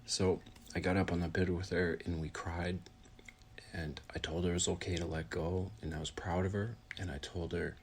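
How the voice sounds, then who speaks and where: Grieving man, very low voice, halting heartfelt account, faint hiss behind. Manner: halting, with many pauses and restarts; drops to a soft whisper at times. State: grieving, voice heavy with emotion.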